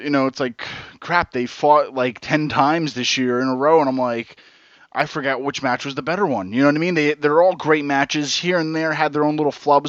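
A man co-hosts a casual podcast at an ordinary pitch. He rambles, loses his thread and restarts often. The recording is dry and slightly dull. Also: fairly bright tone, no echo. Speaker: podcast co-host.

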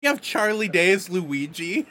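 A woman co-hosting a casual podcast chat, animated and quick to laugh, with lots of filler words. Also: lowish voice. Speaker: podcast co-host.

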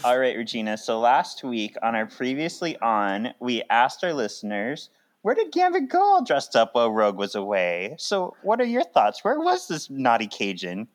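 Lively upbeat male podcast host. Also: mid-range voice, normal speed. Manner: upbeat, laughs often. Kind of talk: casual chat.

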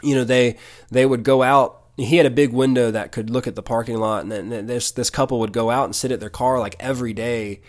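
A man's voice: medium pitch, fairly even intonation, brisk. A man teaching from the Bible in an earnest, conversational way, often restarting and repeating words. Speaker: podcast preacher.

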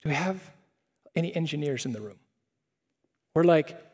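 A male pastor preaches a sermon in a conversational way, often asking rhetorical questions. His voice sits a little high for a man. Long reverb from the chapel hall follows his words. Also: animated, moderate pace, pauses often, a little mellow, husky.

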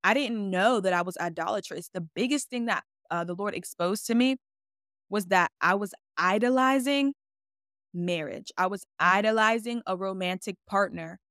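Expressive woman podcast host, casual faith talk, mid-range voice, close and dry. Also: mid-range voice, normal speed, no echo. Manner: casual, chatty and expressive, acting out her own quoted words.

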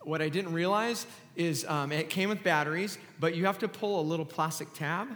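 Male pastor, middle-aged, animated joking sermon, high bright tone, reverberant hall. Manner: animated, sarcastic and joking, with quick asides.

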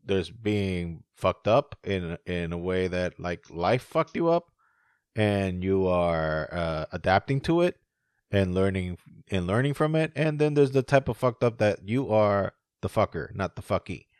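Brief: man co-hosting a podcast, lively swinging pitch, swears freely, laughs a lot, dry close sound. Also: unhurried, clean tone, no echo. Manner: animated, profane, laughs often. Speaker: podcast co-host. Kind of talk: casual chat.

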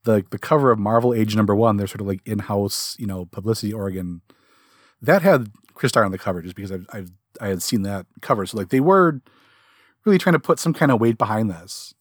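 A man's voice: fairly low pitch, lively intonation, fairly quick, no room sound. Rambling male podcast co-host, dry sound. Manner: rambling, lots of fillers and restarts. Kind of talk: casual chat.

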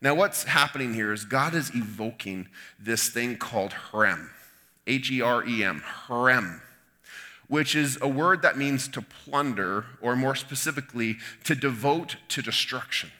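A man preaching a sermon, retelling a Bible story in an animated way with asides to his listeners. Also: medium pitch, unhurried.

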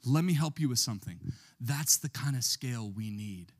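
A man preaching a sermon to a small church, asking the room questions and building up to shouted passages. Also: medium pitch, animated, moderate pace. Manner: call-and-response preaching, rising to shouts. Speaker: pastor.

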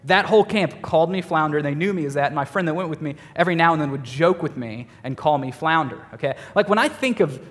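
Animated young man preaching in a hall. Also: a little high, fast, hardly any pauses. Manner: animated, self-mocking storytelling with frequent "like". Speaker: youth pastor. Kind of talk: sermon with personal storytelling.

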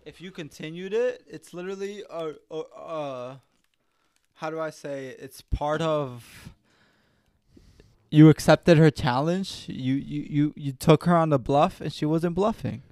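A young man co-hosts a podcast in loose, animated chat, swearing freely and laughing often. His voice sits a little high and sounds smooth and clean. The sound is dry and close. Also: measured pace, no room sound. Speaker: podcast co-host. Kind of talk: casual chat.

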